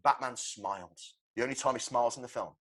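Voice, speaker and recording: Excitable man pitching a movie. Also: fast. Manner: excitable, sweary, acts out sound effects. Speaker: podcast co-host. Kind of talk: animated movie-pitch storytelling.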